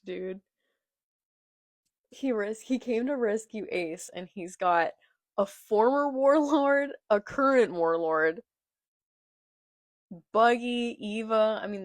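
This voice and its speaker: Filming on a phone in portrait, a young woman reads manga dialogue aloud for a casual reaction video and chimes in with comments between lines. Her voice is mid-range, recorded in studio quality with no echo.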